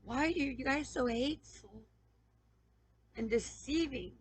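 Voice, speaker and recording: A woman's voice: sits high, a little slow, dry recording, low-quality recording. A woman YouTuber in an emotional personal appeal to camera, pleading and stammering with repeated questions, on the verge of tears. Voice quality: raspy, gravelly.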